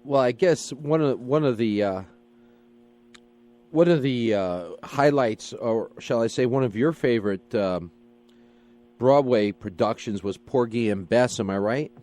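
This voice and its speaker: Guy hosting a radio show, friendly, lots of ums while he asks stuff, mid-pitched voice. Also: a little slow, a little mellow. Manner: friendly, hesitant questioning with fillers. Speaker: radio host. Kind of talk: radio interview. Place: radio studio.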